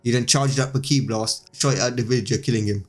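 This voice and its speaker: A man's voice: medium pitch, steady tone, fast, soft background music. A man reading a fan story aloud in an unpolished way, with small slips, as host of his channel.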